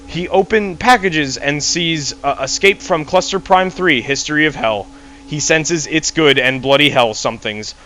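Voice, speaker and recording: A man's voice: a little high, lively intonation, measured pace, pushed and bright, soft background music. A man reading a nonsensical fan story aloud in mock earnest and laughing at it now and then. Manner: reads absurd text in mock earnest, breaking into laughter. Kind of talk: amused dramatic reading.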